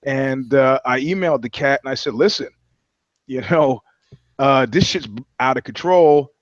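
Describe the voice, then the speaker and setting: A man's voice: mid-range voice, normal speed, dry recording, lo-fi sound. A man talking as a podcast guest, telling loose, profane anecdotes in casual chat. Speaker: guest, touring musician.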